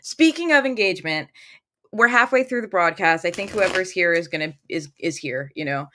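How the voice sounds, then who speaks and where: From a room at home, a woman runs a casual tarot livestream into her phone, reading viewer comments aloud in a chatty, upbeat way. Her voice is fairly low, bright and forceful, with lively intonation at normal speed.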